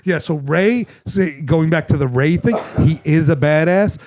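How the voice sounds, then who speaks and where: A middle-aged man hosting a podcast, telling rambling stories in a casual, profane, animated way in a studio. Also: fairly high pitch, measured pace, slight background noise. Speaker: podcast host. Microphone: studio mic with headphones.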